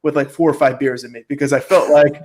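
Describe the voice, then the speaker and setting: A man's voice: on the high side, fairly even intonation, quick pace, darkish tone. Profane, laid-back male podcast host. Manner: casual, profane, frequent filler words. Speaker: jiu-jitsu gym owner and host. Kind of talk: casual podcast chat.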